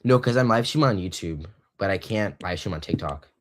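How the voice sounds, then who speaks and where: A teenage boy hosts a casual online debate, his voice sitting very low. He talks haltingly, restarting phrases and leaning on fillers. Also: lively intonation. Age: teens. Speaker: debate host. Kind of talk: casual live-stream debate hosting.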